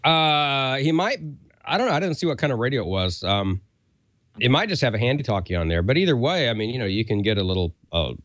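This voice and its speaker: Lively, joking male co-host. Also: mid-range voice, quick pace, no echo. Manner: jokey, animated, self-mocking. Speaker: co-host reading an ad. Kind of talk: casual, joking ad read.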